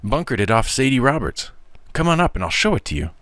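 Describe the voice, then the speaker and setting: A man's voice: medium pitch, big pitch swings, quick pace, a bit bright, dry recording, voice pushed up. A man voicing a mischievous young boy who talks in a cheeky, coaxing way.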